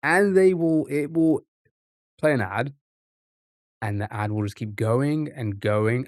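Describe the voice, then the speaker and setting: A man streaming from home, talking through his thoughts in a rambling, repetitive way. He speaks at a mid pitch, and the sound is close and dry with no room echo. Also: expressive, a little slow, long pauses. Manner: rambling, thinks aloud, repeats phrases. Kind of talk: casual live-stream chat.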